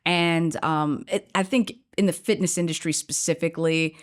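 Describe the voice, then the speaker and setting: Animated woman telling a story. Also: deep voice, moderate pace. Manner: animated, acts out quoted voices. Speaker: guest. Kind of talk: conversational storytelling.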